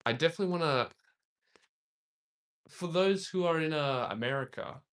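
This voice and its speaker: A man's voice: fairly high pitch, moderate pace, fairly bright tone, smooth. A young man from Australia, casually chatting on a livestream, rambling and reading viewer comments aloud with frequent laughs. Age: young adult. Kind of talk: casual live-stream chat.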